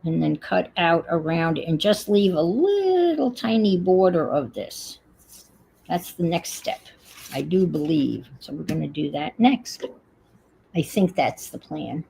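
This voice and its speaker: Woman, New York accent, casual crafting chat, unhurried, slow, gravelly. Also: fairly low pitch, big pitch swings, mellow, slight background noise, poor audio. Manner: chatty, unhurried, thinks aloud. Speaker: crafting livestream host.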